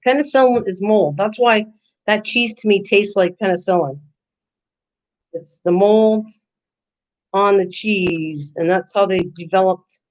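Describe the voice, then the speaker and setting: A woman's voice: medium pitch, darkish tone, lo-fi sound. Teasing older woman chatting with viewers. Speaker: channel host. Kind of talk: casual live-stream chat.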